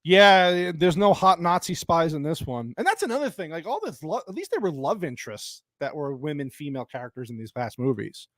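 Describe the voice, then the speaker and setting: A man hosting a live stream and ranting about a film, cursing freely and tripping over restarts as he jumps between thoughts. He stops to greet and answer chat viewers by name. His voice sits a little high, and the sound is dry with no room echo. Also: big pitch swings, brisk, few pauses, fairly bright tone. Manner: angry, profane, rambling with restarts. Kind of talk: live-streamed movie rant.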